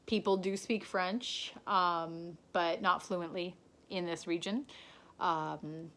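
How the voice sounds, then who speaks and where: A woman's voice: lowish voice, fairly even intonation, takes it slowly, sharp tone. A woman from Canada chatting casually to a pen pal on video, rambling with lots of ums and restarts.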